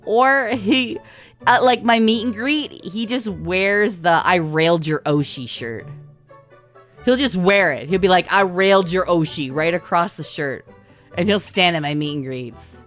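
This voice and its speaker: A woman streamer from Canada chatting casually on a livestream, her voice sitting fairly low. She tells stories in an animated way, laughs a lot and swears freely. Faint music plays behind her. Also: a little slow. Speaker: VTuber streamer.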